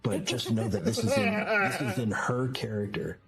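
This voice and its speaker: A man narrating a tabletop game as game master, slow and descriptive with hesitant restarts. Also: medium pitch, wildly swooping pitch, a bit bright, breathy edge, faint music behind.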